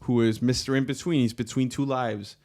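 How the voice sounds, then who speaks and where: Young man, Danish accent, podcast co-host, casual swearing chat, mid-pitched voice. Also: steady tone, a little fast, darkish tone. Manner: loose, swearing, storytelling with acted-out quotes.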